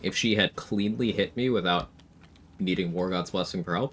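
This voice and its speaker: A man's voice: sits low, normal speed, a bit bright, a little hiss or hum. A man streaming a challenge run, explaining his tactics in a casual, matter-of-fact way as he plays. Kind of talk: casual live-stream gameplay commentary.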